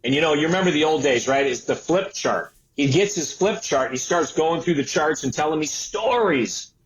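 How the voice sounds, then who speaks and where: A man in his sixties, an entrepreneur and author, telling his life story as an interview guest. He tells it in an animated way and acts out the voices of the people he quotes. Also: a little high, normal speed, poor audio. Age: 60s.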